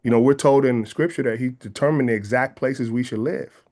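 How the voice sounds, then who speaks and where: In a reflective interview, a guest from the San Francisco Bay Area speaks with a local accent, earnest and measured, often restating his ideas in new words. His voice sits in the middle range and carries a somewhat dark tone.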